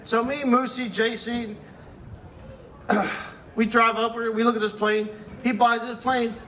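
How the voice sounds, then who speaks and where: A man with a high voice, a few drinks in, tells stories about a lost friend in blunt, profane bursts and chuckles his way through them. Steady background noise runs under the live room recording. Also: unhurried. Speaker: friend giving a eulogy. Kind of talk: rambling profane storytelling. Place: memorial gathering.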